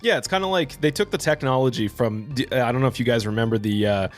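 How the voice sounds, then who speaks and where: A man's voice: mid-range voice, quick pace, faint music behind. A man with a mid-range voice co-hosts a laid-back podcast. He plays along with a joke in a dry, mock-serious tone. His speech is dotted with "uh" and "um". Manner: deadpan mock-advert delivery with many fillers. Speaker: podcast co-host. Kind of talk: casual comedic podcast banter.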